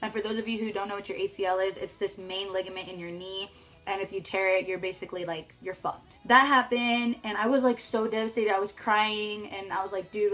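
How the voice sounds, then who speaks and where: A teenage girl casually telling a story time vlog, chatty with lots of "like" and swearing, acting out quotes loudly. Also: medium pitch. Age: teens. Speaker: vlogger.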